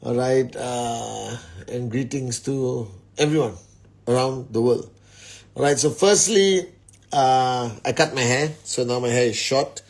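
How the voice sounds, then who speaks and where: A man's voice: medium pitch, unhurried, creaky. A middle-aged man hosting a casual livestream from home at night, greeting viewers by name in many languages. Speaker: live stream host.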